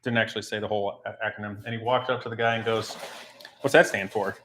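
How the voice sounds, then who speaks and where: A man's voice: fairly low pitch, fairly even intonation, quick pace, fairly bright tone. A man hosting a casual livestream from his home garage, rambling and joking while he works and reads the chat aloud. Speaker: livestream host.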